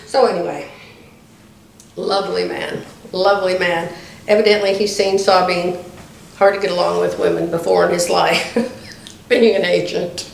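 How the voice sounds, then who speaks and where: A woman's voice: lowish voice, moderate pace, gravelly, long pauses, slight background noise. An older woman telling a long story in a chatty vlog, often laughing as she talks. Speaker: vlogger. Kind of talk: casual storytelling. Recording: roomy echo.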